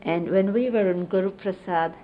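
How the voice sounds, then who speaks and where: At normal speed and in a mid-range voice, a middle-aged woman tells casual stories about the spiritual teacher she was a disciple of. She explains hand gestures with frequent fillers, and the dull 1970s videotape adds a faint hiss.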